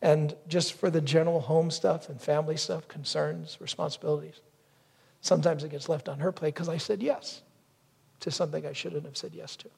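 A man preaching a sermon with a gravelly, slightly husky voice pitched a little high. He tells stories from his own life, dropping into other voices now and then. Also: fairly even intonation, brisk, a little mellow. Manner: storytelling, acts out wife's lines and crow caws. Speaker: pastor.

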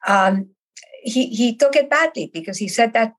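A woman's voice: on the high side, lively intonation, normal speed, rough recording. A middle-aged woman from Canada, a podcast guest, telling her story in earnest conversation and stressing her points with repeated words. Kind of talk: conversational interview.

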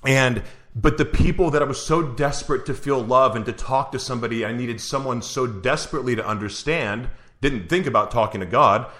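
A man's voice: medium pitch, a little fast, sharp tone. Earnest man asking searching questions. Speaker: interview host. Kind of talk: conversational interview.

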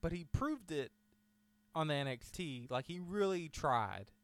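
A man talking in a casual, rambling way, his voice smooth and clear. He chats loosely with a friend, piling on asides. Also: fairly high pitch, measured pace. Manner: rambling, animated wrestling talk with laughs. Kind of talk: casual chat.

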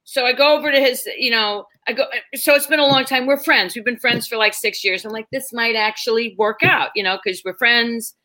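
High bright-voiced woman telling a story. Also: fairly quick, few pauses, poor audio. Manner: animated, acts out quotes in the story. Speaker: stand-up comedian guest. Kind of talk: casual storytelling.

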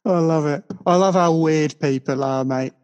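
A man's voice: fairly high pitch, normal speed, a little mellow, clear, resonant tone, muffled recording. A man hosting a podcast, joking and bantering with his guest in casual chat. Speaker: podcast host. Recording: echoey room.

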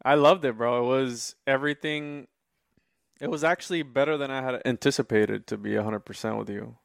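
A man's voice: mid-range voice, brisk, creaky, dry recording, clean studio sound. A man guest on a casual podcast, enthusiastic and rambling, peppering his talk with "bro".

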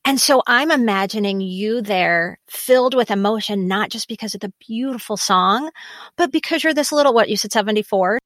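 A woman's voice: mid-range voice, no echo. Chatty middle-aged woman, dry close sound. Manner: chatty, warm interjections, fast bursts. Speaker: podcast co-host. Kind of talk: casual chat.

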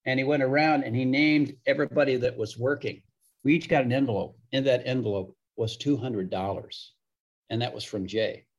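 Husky-voiced middle-aged broadcaster, chatty storyteller, mid pitch. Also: male voice, moderate pace, dull audio. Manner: chatty anecdotal storyteller, acts out quoted voices. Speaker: hockey broadcaster. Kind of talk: storytelling podcast interview.

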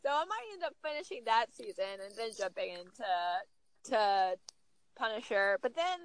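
A woman in her thirties talking casually as a podcast guest, telling stories with lively acted-out quotes. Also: on the high side, normal speed, poor audio. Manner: animated storyteller, acts out quotes. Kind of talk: casual chat.

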